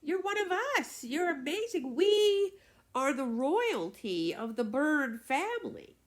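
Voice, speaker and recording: Woman voicing friendly storybook swans, high and effusive, slow delivery. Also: sing-song, heavily acted. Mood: gushing, welcoming. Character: friendly welcoming swans, a gushing flock.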